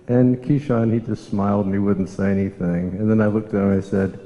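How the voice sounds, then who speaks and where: An older man from the States, telling reflective stories in a devotional memorial talk, unhurried and reminiscing. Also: lowish voice, fairly even intonation, mellow. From Southern United States. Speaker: monk giving a memorial talk. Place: temple hall. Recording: echoey hall, dull lo-fi sound.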